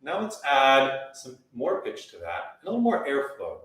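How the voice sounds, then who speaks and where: A man teaching a live online voice lesson, coaching in a relaxed, chatty way and demonstrating vowel sounds. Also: medium pitch, moderate pace, far from the mic. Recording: very echoey room, voice heard from afar.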